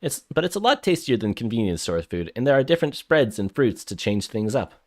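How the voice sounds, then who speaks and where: A man's voice: medium pitch, big pitch swings, a little fast. A man streaming a story game live, chatting to viewers and reading the narration aloud, flustered and prone to repeating himself. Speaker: streamer playing a visual novel.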